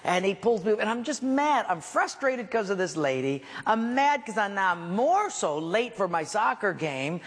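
A man's voice: high voice, normal speed, hardly any pauses, husky. A middle-aged man, a pastor, telling a self-mocking story in a sermon and acting out the voices in it. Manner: animated, self-mocking, acts out the voices in his stories. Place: church hall. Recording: reverberant hall with faint background hiss.

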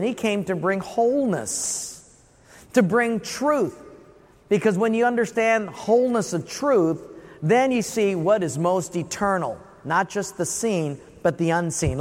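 A male pastor with a high voice delivers a sermon in a church. He poses rhetorical questions and acts out short scenes in other voices. The recording carries the long reverb of a large hall.

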